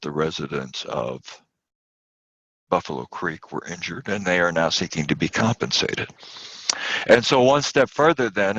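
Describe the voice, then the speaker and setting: A man's voice: sits low, fairly bright tone, no room sound, lo-fi sound. A man giving an online lecture, stressing key points with rising emphasis and many fillers. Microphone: computer mic on video call.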